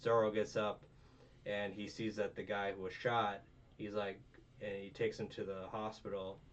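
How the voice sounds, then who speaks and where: A man's voice: fairly low pitch, level tone, normal speed. A young man hosting a casual review podcast, rambling, swearing and retelling scenes. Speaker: podcast host. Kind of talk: casual anime review chat. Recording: distant muffled mic, faint hum.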